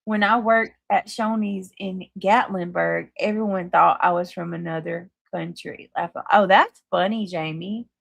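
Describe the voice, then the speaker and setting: Southern woman, livestream host, slow drawl, gravelly fry, dry close mic, casual swearing. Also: fairly low pitch, steady tone, a bit bright, no room sound. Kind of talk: casual live chat reading comments.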